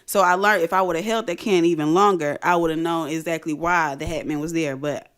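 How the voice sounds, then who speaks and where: A woman hosting a radio show and telling a story in casual chat, animated and profane, often laughing. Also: low-pitched, fairly quick, clean tone.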